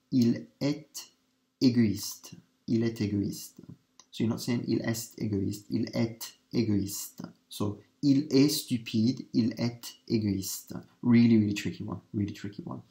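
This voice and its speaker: A male teacher giving a revision lesson, repeating key words for emphasis and slowing down for French examples. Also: mid-range voice, dark tone.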